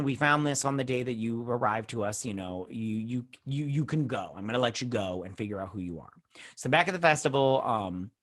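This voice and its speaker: A man's voice: medium pitch, a bit bright. Male host, chatty and rambling, retelling a TV episode from his home room. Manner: rambling, with many fillers and self-corrections; acts out characters' lines in quick paraphrase. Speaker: YouTube show host reviewing a TV episode. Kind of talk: casual episode recap. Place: home room, adjusting his own lights.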